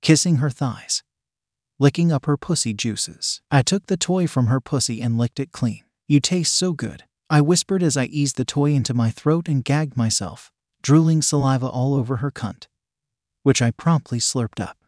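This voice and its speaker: A man reading a first-person story aloud in a steady, even way. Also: mid-range voice, moderate pace, dry recording, clean studio sound. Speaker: narrator.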